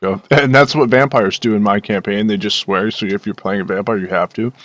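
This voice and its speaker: A man's voice: fairly low pitch, fairly even intonation, a little fast, a bit bright. A man acting as game master, describing the action and explaining rules at length in casual table talk.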